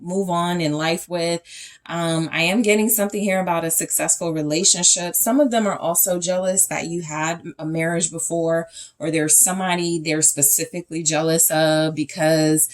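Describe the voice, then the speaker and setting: A young woman with a low voice reads tarot cards for her viewers in a loose, chatty way. She thinks out loud, often restarting her sentences and filling pauses as she turns each card over. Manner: casual, thinking aloud with fillers and restarts. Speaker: tarot reader. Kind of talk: pick-a-card tarot reading.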